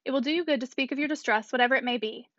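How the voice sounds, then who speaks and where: A woman's voice: sits high, very fast, a bit bright, dry recording, highs cut off. Woman reading an urgent, demanding young lady. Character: anxious, imperious young English lady.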